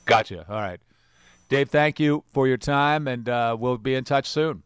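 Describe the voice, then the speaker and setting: Smooth-voiced male radio host. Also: mid-range voice, moderate pace, no room sound. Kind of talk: radio sign-off.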